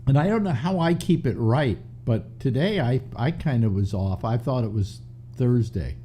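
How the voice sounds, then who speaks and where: An older man hosts a talk show from home, rambling and restarting as he chats. His voice is mellow and swings around a lot in pitch, a little stuffy from a runny nose. A faint hum sits underneath. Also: lively intonation. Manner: rambling, chatty, halting restarts. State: stuffy nose, slightly short of breath. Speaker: radio talk show host. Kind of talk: casual call-in chat. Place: home studio in New York.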